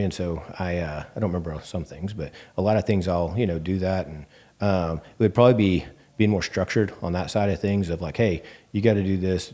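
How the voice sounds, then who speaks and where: Deep, mellow Texan man telling stories. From Texas Panhandle. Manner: animated, acts out quoted dialogue with many fillers. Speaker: bank CEO, guest. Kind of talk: casual interview storytelling.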